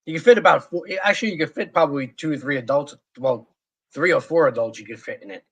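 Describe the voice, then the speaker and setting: A man's voice: on the high side, fast talker, a bit bright, slightly rough. A middle-aged man co-hosting a casual livestream, easygoing and reading out viewer comments. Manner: easygoing, chatty, reads viewer comments aloud. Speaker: livestream co-host.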